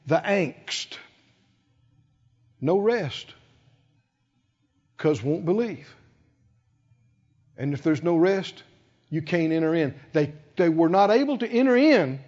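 A man preaching a sermon, acting out the people in the story and swinging from quiet talk to shouting. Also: high-pitched. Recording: dull lo-fi sound with long hall reverb.

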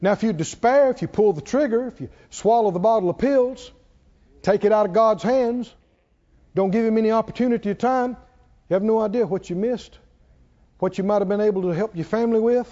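A man preaching a sermon with passion, swinging from quiet low passages to loud peaks. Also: fairly quick. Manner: impassioned, rising to loud peaks and dropping low. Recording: dull lo-fi sound.

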